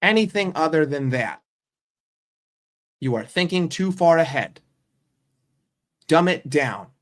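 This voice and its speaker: A man's voice: on the high side, animated, takes it slowly. An American man ranting as a football fan vlogger, emphatic and profane. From United States.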